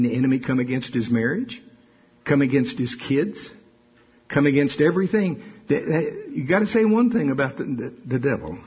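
An older man preaching a sermon full of stories, talking in an animated, folksy way that often repeats itself. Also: mid-range voice, husky, highs cut off. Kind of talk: sermon with storytelling.

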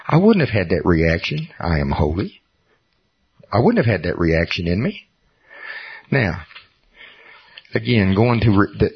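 A man's voice: fairly low pitch, slightly rough. A middle-aged man preaching a sermon, telling personal stories earnestly with self-deprecating humor. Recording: dull lo-fi recording.

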